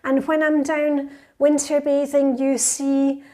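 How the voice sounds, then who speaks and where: Lady in her 50s doing a chatty q&a vlog, kinda high voice, soft and mellow. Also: flat delivery, slow pace. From Scotland. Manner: chatty and enthusiastic, reads viewer comments aloud. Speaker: lifestyle vlogger. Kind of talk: chatty viewer Q&A.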